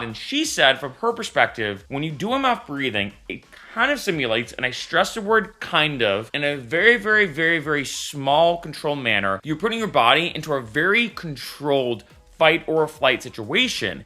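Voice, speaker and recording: A man's voice: fairly high pitch, sing-song, fairly quick, pushed and bright, soft background music. A man vlogging casually to camera, candid and chatty, with frequent asides like "right?" and "I'll be honest.". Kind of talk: casual vlog talk to camera.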